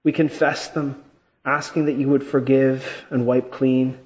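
A man leading a church service as pastor, reading scripture and then praying in an earnest, measured way. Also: mid-range voice, darkish tone, lo-fi sound.

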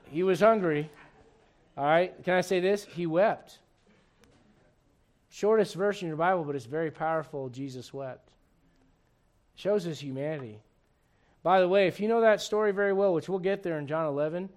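A man. He moves between loud, emphatic points and quiet, dropped-down asides. He jokes and keeps asking the congregation questions. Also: sits high. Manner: animated preaching with humor and rhetorical questions. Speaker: pastor. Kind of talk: sermon.

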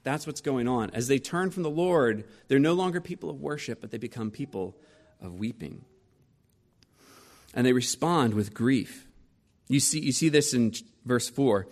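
A man's voice: medium pitch, normal speed. A man in his forties preaching a sermon, telling personal stories and asking rhetorical questions. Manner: storytelling, rhetorical questions, lively shifts in loudness. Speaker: pastor.

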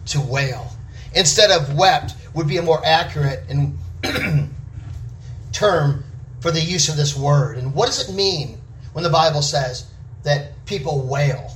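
A man's voice: on the high side, distant mic, slight background noise. A man preaching a sermon with an emphatic, repetitive cadence.

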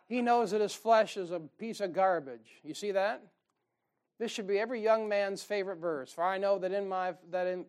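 High-voiced, fired-up preacher. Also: male voice. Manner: folksy, joking, fired-up preaching with sudden loud bursts. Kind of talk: sermon.

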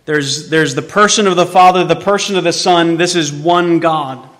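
A male pastor delivering a sermon in a church sanctuary. His voice is bright and sits a bit high for a man, and the long reverb of the hall trails after his words. He throws rhetorical questions at the congregation and swings between quiet asides and loud emphasis. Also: fairly even intonation, moderate pace.

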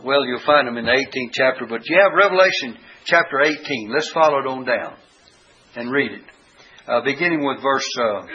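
A man preaching a sermon, reading scripture aloud with rising emphasis and halting asides. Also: mid-range voice, sharp tone, husky, highs cut off.

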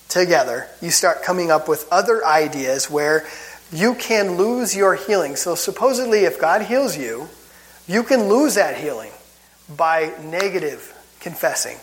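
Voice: medium pitch, slight background noise. A Bible teacher giving a casual teaching talk with wry, chuckling asides, and gets worked up at times.

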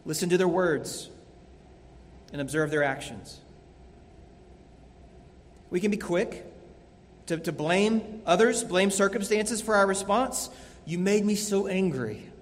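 A man's voice: sits high, slow pace, long pauses. A man preaching a sermon as a pastor, earnest and emphatic, repeating key phrases. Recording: long hall reverb.

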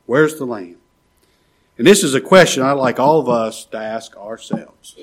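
A man's voice: medium pitch, expressive, moderate pace. A man preaching a sermon in church, impassioned and pleading, his voice often rising to urgent cries. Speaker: pastor.

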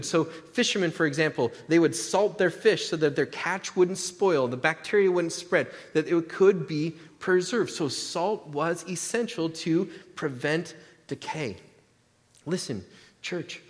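A man preaching a sermon in a church sanctuary, his voice sitting a little high for a man. He keeps it conversational, with jokes and questions to the congregation. A long reverb trails his words through the hall. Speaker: pastor.

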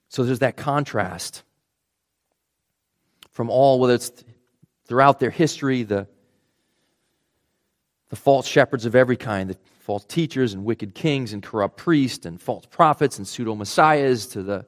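Male pastor, mid-pitched voice, earnest sermon delivery with hushed tender stretches. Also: measured pace, long pauses. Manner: earnest, restarts words, drops to a soft hush for tender moments.

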